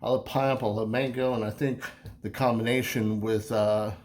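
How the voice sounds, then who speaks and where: A man's voice: mid-range voice, fairly even intonation, brisk, darkish tone. A man talking casually through a beer review, easygoing and chatty, rambling with many fillers and restarts.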